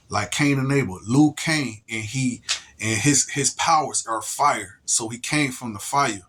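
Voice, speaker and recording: Husky-voiced man rambling slowly. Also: mid-range voice, fairly bright tone. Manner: repeats "you get me?" often, stammers and restarts; slow, drawn-out emphasis on single words. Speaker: solo video monologue speaker. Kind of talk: rambling casual monologue.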